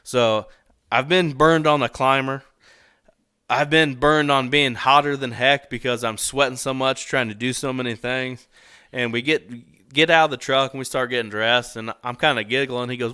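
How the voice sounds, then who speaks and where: A young adult man telling a story as a podcast guest, animated, laughing often and swearing casually. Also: medium pitch, normal speed, smooth, no room sound, studio quality.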